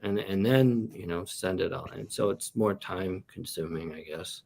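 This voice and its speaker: Male comedian guest, gravelly tone, chatty meandering storyteller. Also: low-pitched, moderate pace, darkish tone. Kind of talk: casual interview chat.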